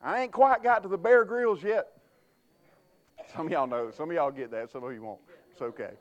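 A man's voice: fairly high pitch, moderate pace, lo-fi sound. A man preaching a sermon as pastor, folksy and emphatic with frequent restarts.

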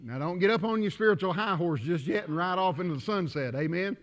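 A man preaching a sermon, talking to the congregation as if in conversation and swinging between loud declaring and quiet asides. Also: high-pitched, lively intonation, fast talker. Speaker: pastor. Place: church.

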